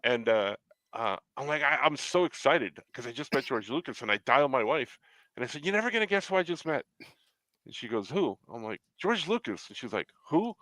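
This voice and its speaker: A man hosting a casual chat, telling an excited story and acting out the dialogue. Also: mid-range voice, normal speed, dry recording. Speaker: host.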